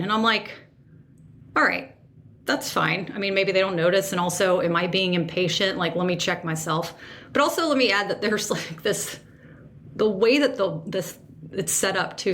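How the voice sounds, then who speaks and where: A woman hosting a podcast, telling a personal story in an animated, emotional way and second-guessing herself aloud. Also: medium pitch. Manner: emotional, sensitive. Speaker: podcast host.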